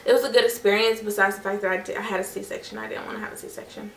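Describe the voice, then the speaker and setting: Rapid-fire and flat, with vocal fry and a mid-range pitch, this young vlogger's voice carries a little hiss or hum. While calming a baby at home she tells a personal story casually, addressing "you guys" and "y'all" and voicing characters. The mic sits far off in an echoey room.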